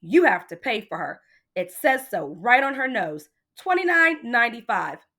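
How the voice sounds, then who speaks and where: A pushy storybook cashier who insists on his price, as a woman reads him. His lines come out firm and matter-of-fact, bright and lively. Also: fairly high pitch, moderate pace, heavily acted. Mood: insistent. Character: pushy store cashier, adult man.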